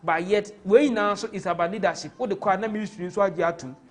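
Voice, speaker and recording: A man's voice: high voice, fast talker, faint music behind. A man with a Ghanaian accent hosting a live football stream, talking in an impassioned, rambling way and slipping into Twi. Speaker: host.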